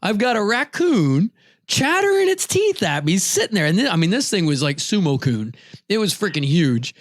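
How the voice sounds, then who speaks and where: A man telling a story on a podcast, his voice swinging widely and jumping up high as he relives the moment. He speaks a touch high for a man, close to the mic in a dry, dead room. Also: moderate pace, no room sound. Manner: animated, voice jumps high when retelling his shouts. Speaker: podcast co-host. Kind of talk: casual storytelling.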